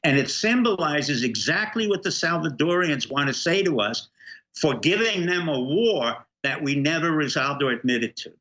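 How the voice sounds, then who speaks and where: A man's voice: fairly high pitch, lively intonation, normal speed, pushed and bright, muffled recording. A middle-aged man, a guest on a political talk show, speaking emphatically and firing off rhetorical questions. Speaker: guest commentator.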